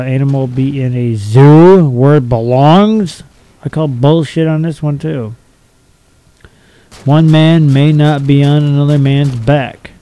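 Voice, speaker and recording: Mellow-voiced young man ranting crudely. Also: medium pitch, smooth, no echo, rough recording. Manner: blunt, profane and mocking. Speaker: video commentator. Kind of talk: reading out and ranting about silly laws.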